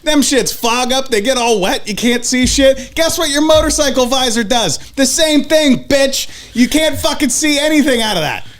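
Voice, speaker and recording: A man co-hosting a casual podcast, ranting loudly and profanely and laughing often. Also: very high-pitched, normal speed, few pauses, faint music behind. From Portland area, US. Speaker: podcast co-host.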